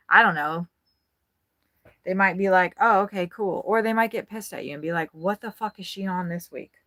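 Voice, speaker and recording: Touring her RV in a casual, rambling chat, a Midwestern American woman vlogger talks frankly and swears freely. Her fairly low voice has vocal fry and a fairly bright tone, recorded clean and dry like a studio.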